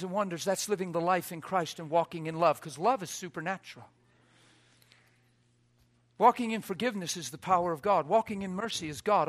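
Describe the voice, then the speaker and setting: A man with a high voice delivers a storytelling sermon in a bright, ringing tone. He sinks to soft, hushed quoted lines, then rises to loud, almost shouted exhortation.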